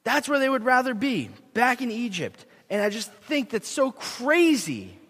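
A young man delivers a sermon from the front of a church, earnest and animated, at times laughing at himself. His voice sits high for a man. The big sanctuary wraps every word in a long, ringing reverb. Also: measured pace, slightly rough. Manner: earnest, animated, self-deprecating. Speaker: preacher. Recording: long echo of a large hall.

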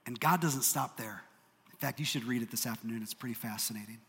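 A man's voice: mid-range voice, fast, vocal fry, a bit bright. A man preaching a sermon as pastor, emphatic and earnest, with dry humorous asides. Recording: long reverb of a large hall.

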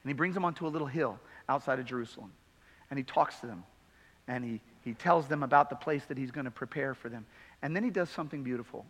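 A high, bright male pastor preaching in a large church hall with long reverb. He tells stories, drops to a hush and then builds to emphatic bursts. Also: fast talker. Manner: storytelling, swings from hushed to emphatic. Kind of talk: sermon.

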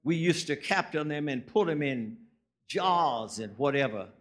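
A man's voice: fairly high pitch, animated, measured pace. A man, preaching a sermon as a guest preacher, telling folksy stories and rising into emphatic preaching.

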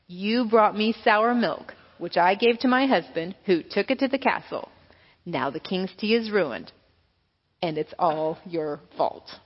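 A woman's voice: mid-range voice, animated, unhurried. A woman voicing a stern farmer's wife scolding a boy. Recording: echoey hall, dull lo-fi sound.

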